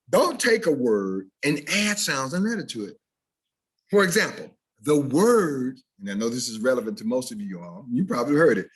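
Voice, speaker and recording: A man with a Southern American accent lectures students over a video call. His voice is slightly husky and his delivery is animated, shifting into casual dialect to make a point before returning to careful speech. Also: medium pitch. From Southern United States. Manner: animated, switches into dialect examples for contrast. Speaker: educator teaching diction. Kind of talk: recorded video-call presentation.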